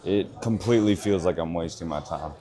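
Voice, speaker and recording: With a crowd audible in the background, a young man talks to camera in a low-pitched, fairly quick voice for his casual fitness vlog. Self-deprecating jokes and frequent laughter fill his talk.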